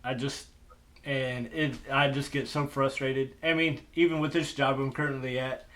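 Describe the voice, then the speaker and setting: A man who is a retired veteran speaks plainly and frankly in podcast chat, at a mid-range pitch for a man. His delivery is direct and unfussy. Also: flat delivery, normal speed, a bit bright. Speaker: retired military veteran guest. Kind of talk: podcast conversation.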